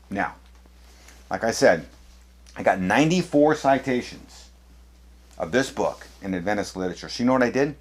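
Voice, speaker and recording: Pointing through books to the camera, a man presents an apologetics lesson, speaking emphatically with lots of fillers and restarts. His voice is fairly low and animated, at a normal speed broken by long pauses.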